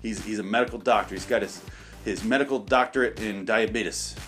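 A man's voice: lowish voice, fairly quick, a bit bright, faint music behind. A man hosting a podcast, delivering a profane, sarcastic comedic rant that stumbles over its own restarts. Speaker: podcast host.

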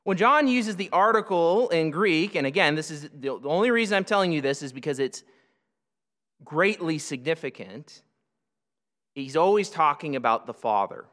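A man delivers a sermon in a bright, forceful voice pitched a little high for a man. He teaches patiently, slowing down to stress key phrases and sometimes stumbling over restarts. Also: lively intonation, big-room sound. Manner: teaching, explanatory, with many restarts and slow emphatic phrases. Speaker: pastor.

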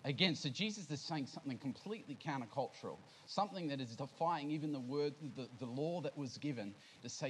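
Aussie pastor giving a sermon, chatty, asks the crowd questions, bit of hiss behind. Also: male voice, fairly high pitch, animated, fairly quick, hardly any pauses, low-quality recording. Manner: conversational preaching with questions to the congregation. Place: church service.

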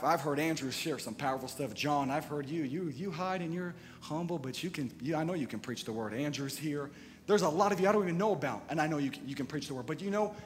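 High-voiced preacher in an echoing church. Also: male voice. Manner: conversational, swinging from quiet asides to loud emphatic bursts. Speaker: pastor. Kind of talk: sermon. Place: church sanctuary. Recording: long church reverb with faint music.

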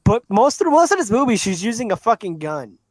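A man chatting casually as a podcast co-host, chiming in with quick, blunt comments. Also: sits high, very animated. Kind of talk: casual chat.

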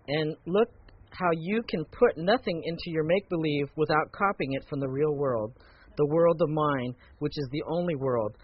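A man's voice: fairly high pitch, slightly rough, no room sound. A man reading aloud as a scheming queen witch who mocks and commands, in a muffled lo-fi recording. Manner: taunting, reading aloud from a book.

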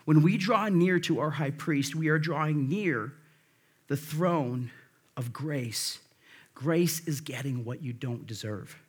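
A man's voice: a little high, takes it slowly, husky. A man preaching a conversational sermon, emphatic and full of rhetorical questions to the congregation. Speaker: pastor.

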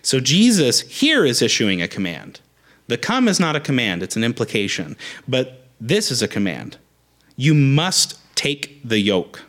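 A young adult man preaching a sermon as a pastor, emphatic and animated, repeating rallying phrases. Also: medium pitch, unhurried.

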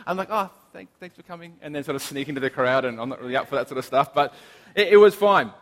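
A young man, preaching a casual sermon, telling stories in a chatty, animated way with lots of fillers and restarts. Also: mid-range voice, fast. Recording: long hall reverb.

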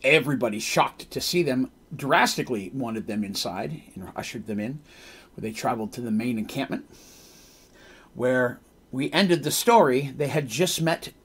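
A man's voice: fairly high pitch, husky. A man narrating a tabletop game as its game master on a live stream, rambling with casual asides and correcting himself as he goes.

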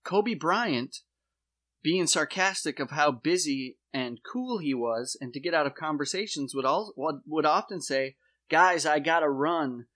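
Man spinning a deadpan conspiracy bit. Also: fairly high pitch, unhurried. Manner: deadpan, building intensity with dramatic emphasis. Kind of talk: mock conspiracy theory bit.

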